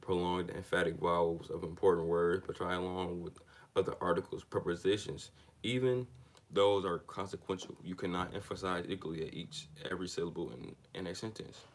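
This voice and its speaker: A deep-voiced man reads a self-help text aloud. He stumbles and restarts on words, then breaks off into loose, slangy chat before going back to the page. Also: little pitch movement, fairly quick. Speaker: reader of a self-help book on a channel. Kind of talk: reading aloud with casual asides.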